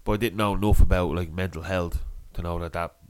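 A man's voice: low voice, steady tone, quick pace, clean tone, dry recording. A young man co-hosting a podcast, talking loosely and rambling, with the odd swear word. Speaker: podcast co-host. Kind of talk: casual chat.

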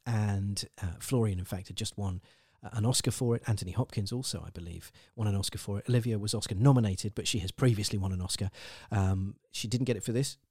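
A man's voice: lowish voice, fast talker, darkish tone, breathy edge, dry recording, studio quality. A man hosting a podcast, chatting with guests and introducing clips in an enthusiastic, effusive way. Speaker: podcast host. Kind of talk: casual chat and spoken links between clips.

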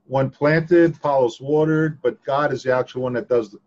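A man's voice: medium pitch, steady tone, moderate pace, a little mellow, lo-fi sound. A man taking part in a casual Bible study, reading scripture aloud and answering questions.

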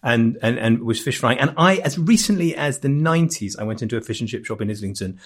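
A man rattles through family anecdotes at a rapid clip. He is wry and jokey, breaking off and restarting mid-sentence, and his pitch sits in a middling range. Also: lively intonation, slightly rough. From England. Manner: rambling, self-interrupting storyteller with frequent restarts. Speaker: podcast guest. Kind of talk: casual chat.

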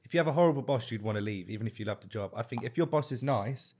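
A man, co-hosting a podcast with quick, mocking banter. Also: mid-range voice, lively intonation, darkish tone, husky. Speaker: podcast co-host. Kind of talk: casual chat.

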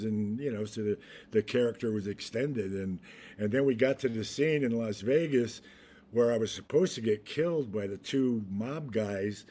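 An older man, an actor being interviewed, telling stories with lots of restarts and laughter, acting out the voices he quotes. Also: mid-range voice. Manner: animated storyteller, acts out quotes, laughs often, many restarts. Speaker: actor guest. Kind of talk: anecdotal interview storytelling.

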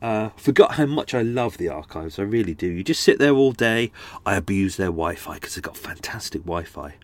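Low-voiced man, chatty podcaster. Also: expressive, normal speed, no room sound. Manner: chatty and meandering, frequent restarts and asides. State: slightly blocked nose. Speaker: podcast host. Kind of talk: casual rambling chat. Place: on a houseboat. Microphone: studio microphone close up.

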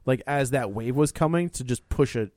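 A man's voice: mid-range voice, moderate pace, no echo, studio quality. A man co-hosting a casual movie discussion podcast, quoting characters playfully. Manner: animated, quotes characters playfully.

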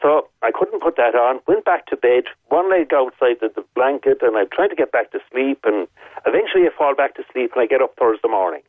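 A man's voice: mid-range voice, animated, brisk, dry recording. A man with an Irish accent calling in to a radio show and telling a long story in vivid detail, repeating his points for emphasis. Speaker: caller. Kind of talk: phone-in storytelling. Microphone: telephone. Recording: tinny phone line.

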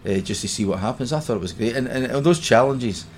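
A man's voice: medium pitch, lively intonation, fast talker, slight background noise. A Scottish man in his fifties, chatting on a podcast and telling stories with easy laughter. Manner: chatty storyteller, laughs easily. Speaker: podcast guest. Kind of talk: casual chat.

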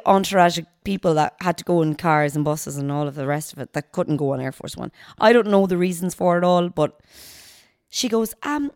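Irish woman, lowish voice, dry close mic, lively anecdote with quoted voices. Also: normal speed, dry recording. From Ireland. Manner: animated retelling with quoted voices. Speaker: podcaster guest. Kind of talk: casual storytelling chat.

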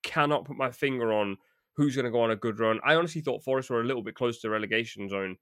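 A man's voice: mid-range voice, quick pace, fairly bright tone, clear, resonant tone, dry recording, clean studio sound. A man hosting a casual football podcast, leading the talk and laughing often. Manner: laughs often, leads the running order. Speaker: podcast host.

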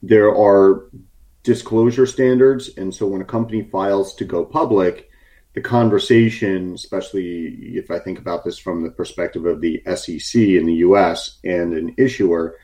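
A man's voice: low-pitched, steady tone, normal speed, warm tone. A man from the United States talking casually as an interview guest, telling a story with many fillers and restarts and a wry tone. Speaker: interview guest, short seller.

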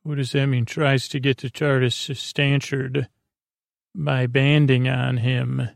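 A man hosting a podcast, giving a rambling bedtime recap of a TV episode and halting often with fillers and self-corrections. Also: medium pitch, flat delivery, vocal fry, dry recording, studio quality. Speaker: podcast host.

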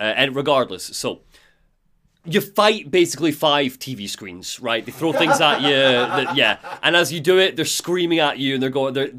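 A male podcast host recapping a story in a casual, animated way. His voice sits at a middle pitch but swings up and down constantly. He talks in quick asides.

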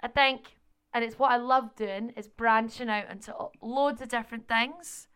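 A woman in her twenties co-hosting a podcast, chatty, her voice rough from just waking up. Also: a little high, fairly even intonation, moderate pace, fairly bright tone. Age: 20s. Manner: chatty, laughs often. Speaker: podcast co-host. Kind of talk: casual chat.

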